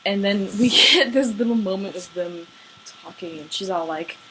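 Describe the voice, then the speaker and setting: A woman's voice: medium pitch, moderate pace, sharp tone, a little hiss or hum, low-quality recording. A woman gushing about her favorite fictional couple in a casual vlog, swearing freely, gasping and laughing as she goes. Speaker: vlogger. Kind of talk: excited fan rant.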